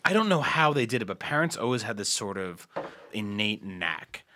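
A man chatting on a podcast with a bright, lively voice that rises and falls a lot. He teases his friends and jokes around as he talks. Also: lowish voice, normal speed, slight background noise. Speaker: podcast co-host. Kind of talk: casual chat.

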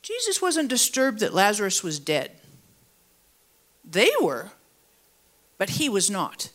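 A woman pastor preaching a sermon to a congregation that is both in the room and online. She talks in an animated way, leaping up high for emphasis and then dropping low and slow, and she asks the listeners to fill in words. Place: church service, also streamed online.

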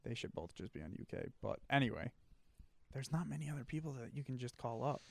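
A man chatting casually as a podcast co-host, relaxed, laughing often as he runs through his picks. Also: medium pitch, quick pace, creaky. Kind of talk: casual chat.

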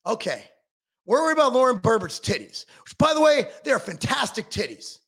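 Brief: middle-aged man, profane heated rant, high gravelly voice, swinging pitch. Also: sing-song, brisk, a bit bright. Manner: heated, sarcastic, swearing constantly.

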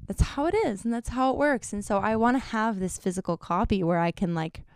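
A woman's voice: medium pitch, a little fast, clean tone, dry recording. A young woman talking to camera in a casual vlog, chatty and self-deprecating, filling her sentences with "like.". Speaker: YouTuber.

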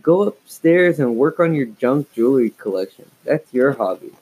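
A man's voice: mid-range voice, animated, normal speed, darkish tone, husky, voice pushed up, poor audio. A man voicing a bratty, possessive preteen girl who argues heatedly and whines when cornered. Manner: whiny, heated, defensive.

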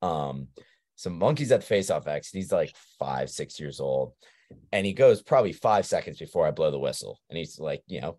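A man with a very low, deep voice tells a rambling story on a podcast. His delivery is casual and chatty, full of filler words and animated asides. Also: moderate pace, dry recording, studio quality. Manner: rambling, animated anecdote with frequent "like" and laughs. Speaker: podcast host.

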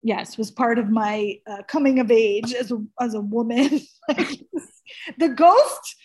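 Podcast host, woman, bright high voice, loose rambling chat with lots of fillers. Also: a little slow, breathy edge. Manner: animated, laughing, rambling with fillers. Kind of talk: casual chat.

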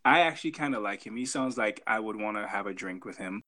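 A man's voice: on the low side, lively intonation, fast talker, bright, forceful tone. A male podcast co-host chats casually, joking and wandering through his thoughts. He keeps breaking up his sentences with filler words and restarts. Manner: joking, rambling, many fillers. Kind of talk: casual chat.

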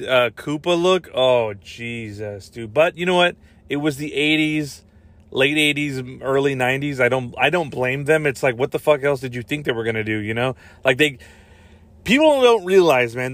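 A man's voice: medium pitch, a bit bright. Young male solo podcast host: loose, profane, jokey, acts out lines in silly voices. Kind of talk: casual solo podcast rant.

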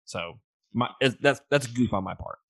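A man's voice: mid-range voice, lively intonation, moderate pace, fairly bright tone, no room sound. A man co-hosting a casual movie podcast, reading trivia notes and chatting, with fillers, restarts and easy laughter. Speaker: podcast co-host.

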